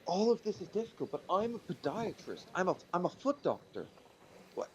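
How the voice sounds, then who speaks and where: A man's voice: high-pitched, big pitch swings, fairly quick, darkish tone, slight background noise, pitched above the performer's own voice, poor audio. A man playing a polite, flustered doctor who stammers and apologizes.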